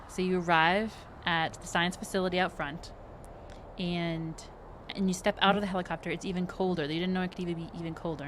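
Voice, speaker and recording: A woman's voice: fairly low pitch, noisy background. A woman narrating a tabletop game as game master, casual and a little hesitant, with many fillers.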